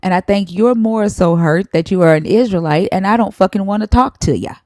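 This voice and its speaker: A woman's voice: mid-range voice, fairly quick, a little mellow, dry recording, studio quality. A young woman hosting a live stream, arguing bluntly and swearing freely as she confronts guests and commenters. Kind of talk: heated live-stream debate.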